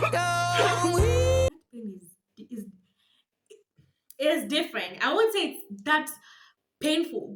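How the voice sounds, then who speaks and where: A young Kenyan woman telling a dramatic, animated storytime for her vlog, switching languages with laughing asides. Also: sits high, reverberant. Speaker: vlogger.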